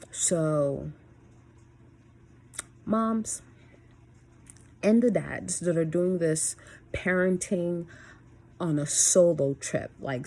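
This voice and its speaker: A woman talking in a casual vlog about being a single parent, blunt and candid, mostly steady but with quick bursts of emphasis. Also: sits low. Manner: candid, blunt, swears freely.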